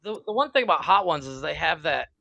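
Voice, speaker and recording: Animated high-voiced man, bright and lively. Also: fast, creaky, a crowd in the background. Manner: animated, swearing, acts out quotes. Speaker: podcast co-host. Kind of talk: casual podcast banter.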